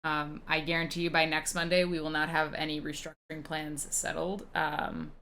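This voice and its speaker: A woman co-hosting a podcast in loose, casual chat. She rambles through stories with plenty of fillers and curses, and her voice sits a little low. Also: steady tone, normal speed, gravelly, bright, forceful tone, a little hiss or hum. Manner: swearing, rambling anecdotes with filler words. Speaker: podcast co-host.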